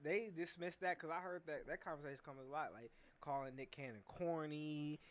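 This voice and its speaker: A man's voice: fairly high pitch, a little fast. A young man in a casual chat, telling stories and stumbling over repeated words. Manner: storytelling, repeats words when starting.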